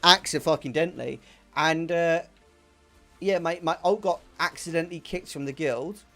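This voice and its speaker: A man's voice: a little high, moderate pace, faint music behind. A young man, a gaming streamer, angrily ranting and swearing as he chats while he plays, often repeating himself. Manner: angry, profane, repeats himself.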